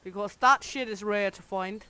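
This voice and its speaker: Bright, forceful and resonant, this game streamer's mid-range voice comes through clearly at normal speed. The young Danish native chats casually with viewers, bawdy and playful, laughing a lot and cursing freely.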